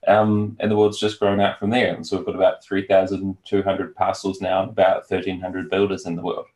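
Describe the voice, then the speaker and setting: A man's voice: low voice, flat delivery, brisk, darkish tone. A man from New Zealand with a New Zealand accent, a guest chatting casually and hesitantly with many fillers over a remote call. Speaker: guest, virtual world founder. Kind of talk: casual interview chat. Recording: echoey room.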